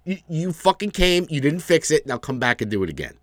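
A man's voice: a little high, a little fast, no echo, studio quality. A man co-hosting a podcast, ranting and swearing in casual chat. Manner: ranting, swears freely, animated. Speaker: podcast co-host.

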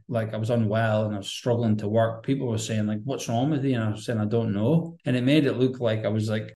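A man's voice: medium pitch, mellow, echoey room. A man, a podcast guest telling a candid personal story in a rambling, earnest, conversational way.

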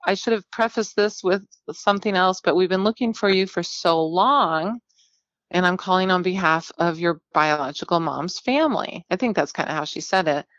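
Guesting on a personal storytelling interview, a woman in her fifties from central California speaks at a moderate pace with a lowish, fairly bright voice. She's open, talkative, and laughs at herself, recorded dry on dull lo-fi equipment.

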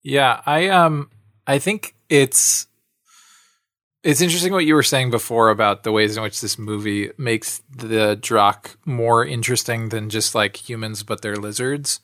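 Man, casual film talk, thoughtful and analytical, mid pitch, dry recording. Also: steady tone, a little slow, fairly bright tone, dry recording. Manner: thoughtful, analytical, hedging with fillers. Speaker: podcast co-host.

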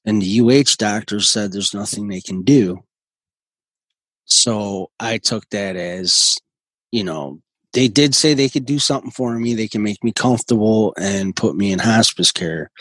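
A man in his forties, a guest telling his recovery story in a halting, earnest way with many restarts. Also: on the low side, fairly bright tone, slightly rough, no echo, rough recording. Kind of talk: personal recovery story in conversation.

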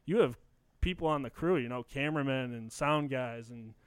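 A man's voice: medium pitch, moderate pace, clear, resonant tone, no room sound. A man hosting a podcast, chatting casually with brash, profane banter. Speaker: podcast host. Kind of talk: casual chat.

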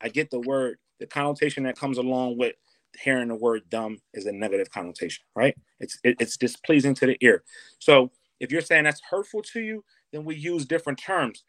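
A man's voice: mid-range voice, a little fast, fairly bright tone, dry recording. A man co-hosting a podcast, arguing his point earnestly and persistently in casual debate. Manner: earnest, persistent, talks over others. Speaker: podcast co-host.

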